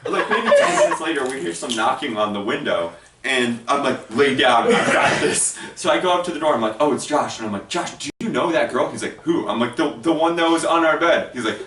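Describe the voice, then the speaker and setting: A man's voice: medium pitch, fast. A man telling a story in a casual vlog, swearing freely and acting out what others said. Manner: animated, swears freely, quotes people in put-on voices. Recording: echoey room, mic at a distance, faint noise.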